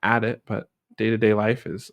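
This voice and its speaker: A man from the United States chatting casually, relaxed and rambling with many fillers. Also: on the low side, moderate pace, creaky. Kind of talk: casual chat.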